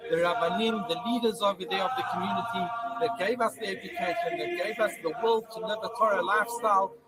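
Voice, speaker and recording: A man's voice: sits high, quick pace. A man from Africa, giving an earnest, heartfelt testimonial outdoors on a city street, mixing Hebrew phrases into his English. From South Africa. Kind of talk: personal testimonial. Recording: loud music behind.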